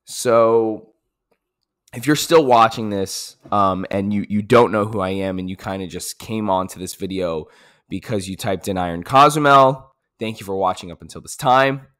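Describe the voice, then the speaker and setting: A man's voice: lowish voice, moderate pace, fairly bright tone. A man giving a casual, pumped-up recap of his race as a triathlete, repeating phrases and swearing for emphasis.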